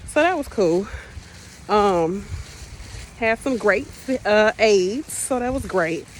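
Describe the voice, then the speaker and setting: A woman's voice: medium pitch, animated, slow, a little hiss or hum, poor audio. A young woman, an agency nurse, vlogging casually and venting bluntly about her shift with plenty of cursing. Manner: chatty, venting, blunt and profane. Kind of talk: casual vlog storytelling. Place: outdoors in the rain by a street, then in a car.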